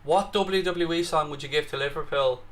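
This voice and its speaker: An Irishman hosts a live football watchalong stream, chatting casually, reading out viewer comments and bursting into excited reactions. His voice is a little high and his pace is moderate.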